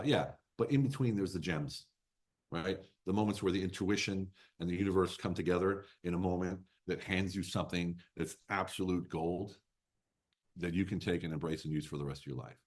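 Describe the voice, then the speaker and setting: A man's voice: deep voice, brisk, darkish tone. A man in his fifties, a business coach telling stories as a podcast guest, blunt and emphatic with casual swearing. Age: 50s. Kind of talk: podcast interview storytelling.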